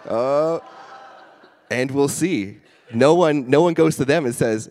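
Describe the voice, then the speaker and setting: A male pastor giving a casual sermon, a chatty, self-deprecating storyteller who gets animated in his anecdotes. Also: mid-range voice, slow pace, pauses often. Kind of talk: casual sermon with stories and jokes. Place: church hall. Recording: long reverb of a large hall.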